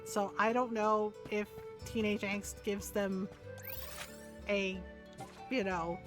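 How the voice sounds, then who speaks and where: A woman's voice: mid-range voice, steady tone, slow pace, music in the background. A middle-aged woman streaming a video game, chatting casually in a rambling way with lots of fillers and easy laughs. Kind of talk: casual livestream commentary.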